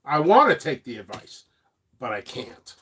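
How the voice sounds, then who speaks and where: A man's voice: medium pitch, big pitch swings, unhurried, fairly bright tone, breathy edge. A man hosting his channel as a seed seller, talking to viewers in a rambling, joking way and laughing often. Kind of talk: free-flowing casual talk to viewers.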